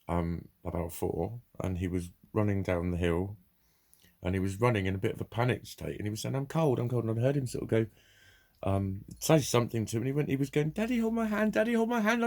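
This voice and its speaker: Low-voiced man ranting freely. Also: a little fast, darkish tone. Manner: rambling, heavy swearing, blunt. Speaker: vlogger. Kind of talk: casual vlog monologue.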